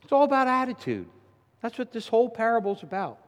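A man preaching a sermon, telling a story in a lively, animated way. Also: fast talker, long reverb tail. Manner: animated storytelling, rising to loud indignant pitch in acted quotes. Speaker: pastor. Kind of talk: sermon with a told joke.

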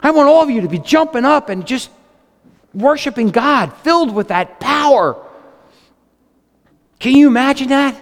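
Preacher in his fifties, excitable storyteller, high lively voice, reverberant hall sound. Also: normal speed, pauses often. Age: 50s. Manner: excitable, storytelling, animated swings in pitch. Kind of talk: sermon.

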